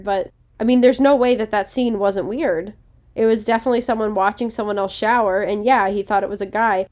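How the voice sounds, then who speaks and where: A woman co-hosting a podcast in casual chat, chatty and confident, often trailing off softly. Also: medium pitch, a little fast. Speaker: podcast co-host.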